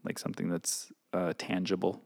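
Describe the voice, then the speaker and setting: A man's voice: sits low, little pitch movement, normal speed. A man co-hosting a podcast in a casual, rambling way, laughing often and slipping into goofy voices. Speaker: podcast co-host. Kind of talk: casual chat.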